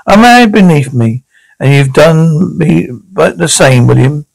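A haughty, snobbish old mother, as a man puts her on in a comic audio play, with a gravelly, fairly high voice. The recording is close and dry. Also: lively intonation, a little slow, no room sound, full character voice, poor audio.

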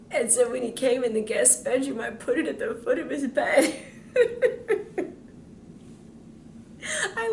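Woman preacher telling a funny story, slightly high voice, echoey room with a little noise. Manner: animated, laughing storyteller. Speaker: minister. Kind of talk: sermon storytelling.

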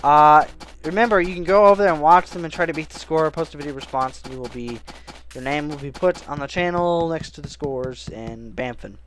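A young man giving casual let's-play commentary, a loud, excitable talker who bursts into yelling. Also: fairly high pitch, a little fast, slight background noise. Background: faint game music.

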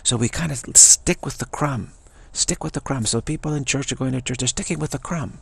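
A man giving a halting, rambling spiritual monologue, with frequent restarts and quick mocking voices for others. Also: mid-range voice, creaky, slightly rough, no room sound. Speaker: spiritual commentator.

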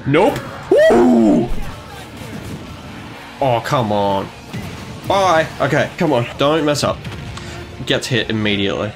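A young man commentating his own video game matches, excitable and quick to yelp, gasp and trash-talk. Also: medium pitch, music in the background. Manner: excitable, yelps and gasps at plays, trash talk. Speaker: gaming YouTuber. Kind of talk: gameplay commentary.

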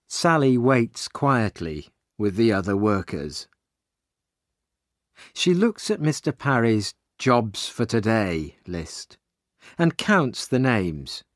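A man narrating a simple story slowly and clearly for English learners. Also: lowish voice, no room sound, studio quality. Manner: slow, clear and expressive reading.

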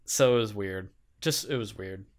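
A man's voice: fairly low pitch, moderate pace. A man co-hosting a movie podcast, talking casually and hesitantly, often stopping to find his words. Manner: hesitant, many fillers and restarts, easygoing. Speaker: podcast co-host. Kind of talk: casual chat.

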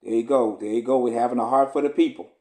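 A man's voice: medium pitch, fairly even intonation, fast, warm tone. A man reading scripture aloud and breaking into casual, slangy commentary. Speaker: scripture reader. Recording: roomy echo.

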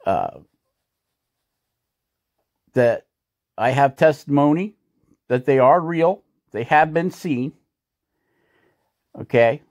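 A man's voice: a little high, lively intonation, slow pace, pauses often, darkish tone, dry recording, studio quality. A man hosting a woodcarving channel, talking through a carving tutorial in a folksy, joking, chatty way. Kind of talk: casual carving tutorial narration.

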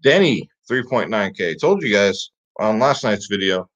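A man's voice: fairly low pitch, sing-song, unhurried, fairly bright tone. A man hosting a fantasy sports picks show, talking casually and with energy, often repeating "guys" and "get him in there". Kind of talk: casual hyped picks rundown. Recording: slightly dull lo-fi audio.

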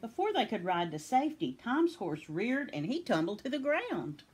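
Husky woman reading a picture book aloud. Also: fairly high pitch, normal speed. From Tennessee. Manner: expressive storytelling. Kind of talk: children's read-aloud.

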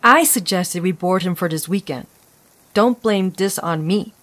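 A woman's voice: on the low side, measured pace, a bit bright. A woman voicing an exasperated young woman hiker with a sarcastic edge.

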